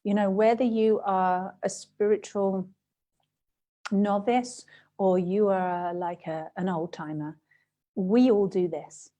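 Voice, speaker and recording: A woman's voice: mid-range voice, dark tone. A woman giving a personal, emotional talk before a guided meditation, speaking straight to the listener and acting out her own inner voices as she tells her story. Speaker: self-love teacher.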